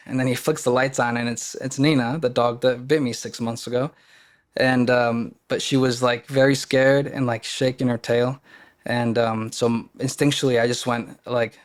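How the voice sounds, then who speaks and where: A man with a mid-range, level voice appears as a podcast guest and shares a personal story in a casual, earnest way, often stopping and restarting his sentences.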